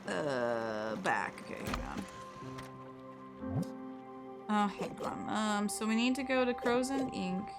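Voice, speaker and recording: A woman streamer talks casually through a live game session at a middle pitch, rambling and joking at her own expense. Clear game music plays steadily behind her voice. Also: lively intonation, takes it slowly, few pauses. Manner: chatty, playful, rambling, self-deprecating. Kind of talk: casual live gameplay commentary.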